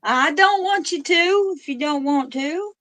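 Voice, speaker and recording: A woman's voice: high voice, unhurried, a bit bright. A sleepy woman, co-hosting a livestream and chatting casually, sighing and easily exasperated. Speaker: livestream co-host.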